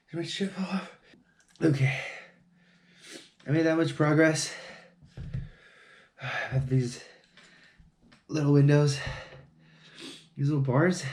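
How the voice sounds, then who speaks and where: A man's voice: fairly high pitch, a little mellow, a little hiss or hum. A man vlogging on his own, mumbling to himself and mocking himself, with plenty of swearing. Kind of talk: casual solo vlog talking to camera while building. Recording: echoey room.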